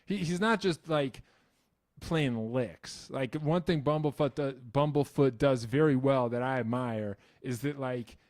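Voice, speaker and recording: A man's voice: medium pitch, unhurried, no room sound, clean studio sound. A young man from New Jersey hosting a musician's Q&A, talking casually with lots of swearing, restarts and self-mocking asides. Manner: profane, animated, self-mocking, many restarts. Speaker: musician YouTube host. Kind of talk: casual Q&A chat.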